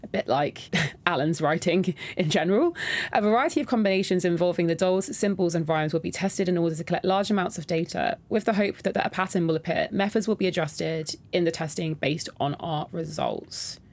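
A woman with a slightly low voice gives casual gameplay commentary, chatting with her viewers and reacting as she goes. She reads in-game notes aloud in an easy, unpolished way. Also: fairly quick, a little mellow. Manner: talks to her viewers directly. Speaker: gaming content creator. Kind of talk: casual let's-play commentary.

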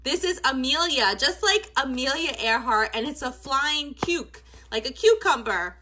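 A woman's voice: high voice, animated, unhurried, hardly any pauses, pushed and bright, a little hiss or hum. A woman in her thirties gushing over toys in a casual unboxing video. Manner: gushing, enthusiastic. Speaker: toy unboxing vlogger.

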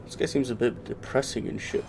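A man's voice: medium pitch, fairly even intonation, a little fast, gravelly. A young man giving casual, profane, sarcastic commentary while playing a video game. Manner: profane, sarcastic trash talk. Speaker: gameplay commentator.

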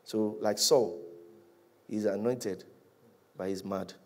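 A male pastor preaching a sermon, animated, rising to loud peaks and dropping to hushed, drawn-out lines. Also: lowish voice.

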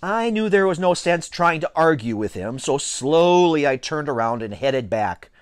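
A man reading a children's novel aloud with an expressive, playful storytelling delivery. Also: a little high, normal speed, clear, resonant tone, no room sound, clean studio sound. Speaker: reader.

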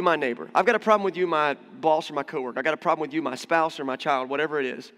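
A man preaching a sermon as pastor in a church, conversational and animated, acting out quoted voices. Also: fairly high pitch, racing. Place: church hall. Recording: long church reverb.

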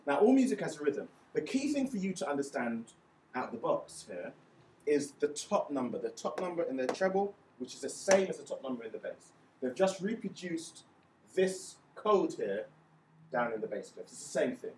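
A man's voice: a little high, very animated, normal speed, a little mellow, slight background noise. A man teaching hymn music theory step by step, patiently counting beats aloud and often checking in with "okay?". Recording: echoey room, voice a bit far from mic, faint ambience.

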